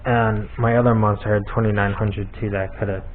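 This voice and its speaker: A man's voice: fairly low pitch, level tone, fairly quick, narrow, tinny audio, slight background noise. Chatty man explaining a card game. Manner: chatty, explains rules, laughs easily. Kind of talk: casual play-by-play of a card game.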